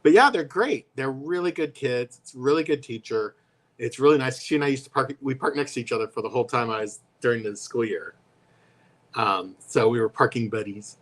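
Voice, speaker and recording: A man's voice: medium pitch, a little fast. A man co-hosting a casual talk stream, telling stories about his teaching work and acting out the voices of the people in them. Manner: animated storytelling with voiced quotes. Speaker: co-host. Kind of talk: casual chat. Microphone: live stream.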